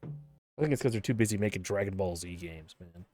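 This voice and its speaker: A man hosting a casual podcast chat, relaxed, laughing often and trailing off mid-thought. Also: low-pitched, fairly quick. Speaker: podcast host.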